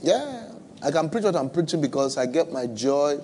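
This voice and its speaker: A man's voice: a little high, animated, moderate pace, a little mellow, a little hiss or hum. A man with a West African accent preaching a sermon to a church audience, conversational and humorous, repeating his phrases for emphasis. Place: church with live and online audience.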